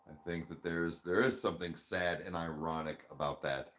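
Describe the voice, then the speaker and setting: On a laid-back podcast, a male co-host who is also a bartender talks loosely and curses, flipping between a cheerful customer-service voice and a flat, low one. He speaks at a normal speed.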